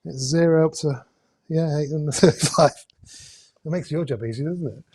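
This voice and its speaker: A man hosting a casual live-stream raffle draw from indoors, talking in a chatty, halting way with many hesitations and jokey asides. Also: fairly high pitch, darkish tone, husky. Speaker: host drawing raffle prizes. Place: indoors at home with a camera crew.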